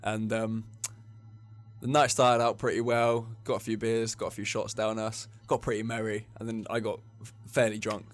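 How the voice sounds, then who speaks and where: A man's voice: lowish voice, level tone, normal speed, soft background music. A young English man co-hosting a podcast, telling rambling drinking stories in casual chat and laughing often. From England. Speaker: podcast co-host.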